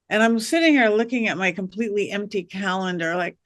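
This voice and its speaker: A woman guest on an interview podcast, a witch and medium, telling lively stories and acting out the voices of people she quotes. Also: fairly high pitch, a little fast, hardly any pauses, no echo, clean studio sound. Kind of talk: storytelling interview chat.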